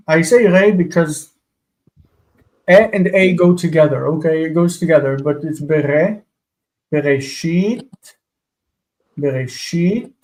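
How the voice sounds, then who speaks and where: Male teacher, patient, drawn-out delivery, slightly raised pitch. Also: darkish tone, rough recording. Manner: slow, patient, sounds words out syllable by syllable. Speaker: Hebrew teacher. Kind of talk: live online class teaching.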